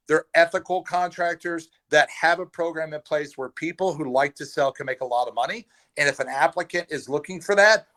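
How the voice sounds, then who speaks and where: A fairly high-voiced man from Texas, a trades recruiter, is a guest on a podcast over a remote call with a bad, patchy connection. He chats casually and tells stories in an animated way, often restarting his sentences.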